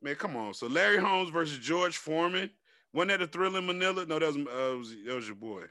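A man's voice: on the high side, lively intonation, a little fast, bright, forceful tone, dry recording, clean studio sound. A man co-hosting a casual chat show, talking animatedly and profanely, acting out quotes in a raised voice. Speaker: podcast co-host.

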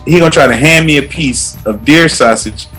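A man's voice: on the high side, moderate pace, fairly bright tone, breathy edge, soft background music. A man co-hosting a casual, profane podcast chat, laid-back and given to storytelling rants. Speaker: podcast co-host.

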